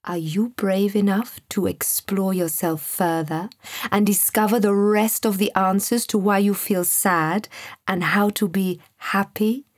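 A woman reading the lines of a kind, wise male guide, speaking in a soft, gentle voice. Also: medium pitch, no room sound, clean studio sound, lightly acted.

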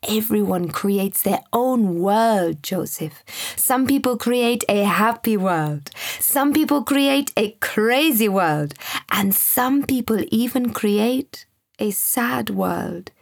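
A gentle, wise male guide, read by a woman in a storybook, speaking softly and patiently. The voice is breathy and slightly husky. The delivery is slow and unhurried, recorded close and dry. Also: medium pitch, lively intonation, no echo, heavily acted. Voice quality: soft, gentle voice.

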